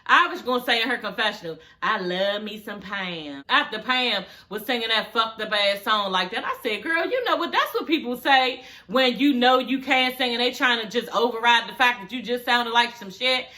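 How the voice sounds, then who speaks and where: A woman chatting casually to her viewers, sassy and blunt, cursing freely. Her voice sits a little high and rings bright and forceful. She sounds close to the mic in a home setting. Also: expressive, brisk, hardly any pauses. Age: adult with a daughter. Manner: sassy, blunt, swears freely, sings snippets mockingly. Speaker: show reviewer. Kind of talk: casual reaction commentary.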